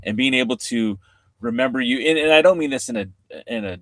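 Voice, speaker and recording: A man's voice: medium pitch, brisk, a bit bright, dry recording. Male host, casual interviewer, reads viewer questions, dry close sound. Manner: conversational, reads out viewer questions and reflects on answers.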